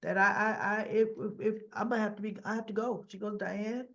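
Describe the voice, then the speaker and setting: A woman with a rough-sounding voice, casually recapping a soap opera episode and acting out the characters' lines with fillers and self-corrections. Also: medium pitch, steady tone, fairly quick, lo-fi sound. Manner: chatty retelling with quoted dialogue, fillers and self-corrections.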